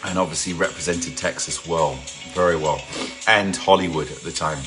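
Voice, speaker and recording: A man's voice: deep voice, normal speed, a bit bright. A middle-aged man from England hosting a live home workout session, chatting casually, greeting viewers by name and joking. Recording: faint music in the background.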